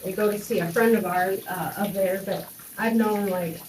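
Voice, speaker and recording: A woman's voice: mid-range voice, fairly even intonation, normal speed, a little mellow, recorded from a distance, a little hiss or hum. A young woman telling a personal story in a rambling way, with many fillers and restarts. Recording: echoey room, voice off-mic, faint running water.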